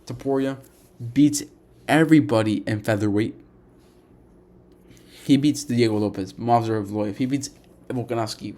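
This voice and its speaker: A young man talking casually about fighters, animated and repetitive, often restarting his sentences and saying "bro" and "dude". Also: mid-range voice. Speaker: MMA commentator. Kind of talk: casual opinion monologue.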